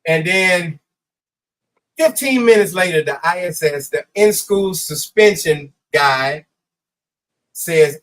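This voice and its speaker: A man, a former high school baseball coach, telling a story in a casual interview, acting out the dialogue and swearing freely. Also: animated, slow pace, pauses often, fairly bright tone, poor audio.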